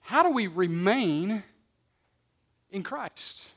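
High-voiced man preaching emphatically. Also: sing-song, extremely slow. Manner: emphatic, swings between loud and soft, repeats words when starting phrases. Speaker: pastor. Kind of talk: sermon. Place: church service.

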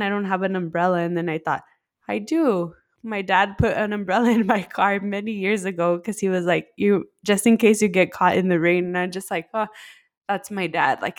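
A woman co-hosting a podcast, telling a personal story in a heartfelt, rambling way, full of "like" fillers. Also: on the low side. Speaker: podcast co-host.

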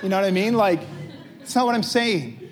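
A man's voice: high-pitched, lively intonation, normal speed, a faint crowd. A pastor preaching a conversational sermon, asking his listeners questions and joking with them.

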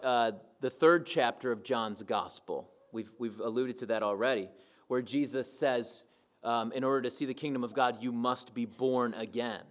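A man preaching a sermon to his church, emphatic and repeating key phrases for weight. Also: mid-range voice. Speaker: pastor.

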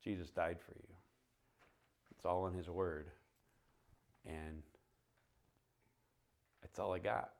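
Brief: male pastor, deep low voice, animated sermon storyteller who acts out dialogue. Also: slow, gravelly, long pauses.

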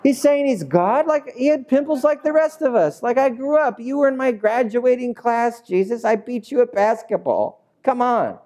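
Guy doing a squeaky scoffing hometown neighbor, all worked up and disbelieving. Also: animated, a little mellow. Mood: scoffing disbelief. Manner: indignant, rapid disbelieving questions. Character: incredulous small-town neighbor, male, scoffing.

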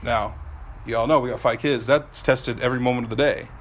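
A man in his thirties preaching a sermon as pastor, animated and swinging between soft, slow passages and loud, quick ones. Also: medium pitch, a little hiss or hum.

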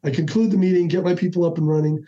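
A middle-aged man, a podcast guest, telling stories in a casual, animated way and acting out the dialogue with lots of restarts. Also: sits high, racing. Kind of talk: casual storytelling. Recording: dull lo-fi audio.

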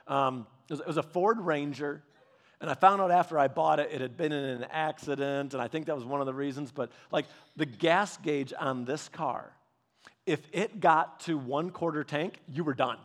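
A man's voice: on the high side, moderate pace. A man in his thirties preaching, telling rambling personal stories in a casual, chatty way with frequent restarts. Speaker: pastor.

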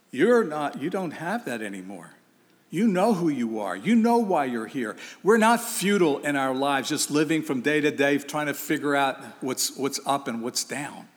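A man's voice: on the high side, long reverb tail. A man preaching a sermon, asking his listeners rhetorical questions and repeating phrases for emphasis.

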